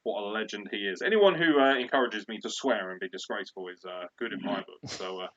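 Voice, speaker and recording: A man's voice: fairly low pitch, fast talker, fairly bright tone. Guy cohosting a podcast, swears a ton, laughs a lot, dull lo-fi sound. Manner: profane, laughs often, rambling. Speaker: podcast co-host. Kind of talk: casual chat. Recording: lo-fi dull audio.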